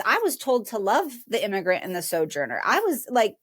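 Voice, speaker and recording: A woman's voice: medium pitch, wildly swooping pitch, brisk, a bit bright, slightly rough, no echo, studio quality. A woman guest on a podcast telling a personal story in an earnest, emotional way and voicing her own past thoughts. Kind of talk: conversational interview storytelling.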